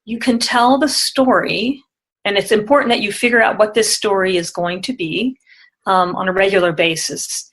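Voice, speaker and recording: A woman guest explains presentation techniques in an easy conversational flow. She talks with energy and breaks into quick demonstrations of the exercises she teaches. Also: medium pitch, a bit bright, poor audio. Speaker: guest, speaking and presentation coach. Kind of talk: conversational interview.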